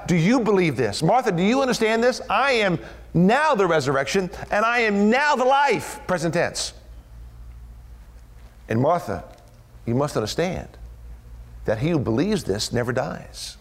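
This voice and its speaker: A man delivering a sermon in a slightly high voice. He retells scripture with animated, dramatic storytelling and acts out the voices in the story. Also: unhurried, long pauses, long reverb tail. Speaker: preacher.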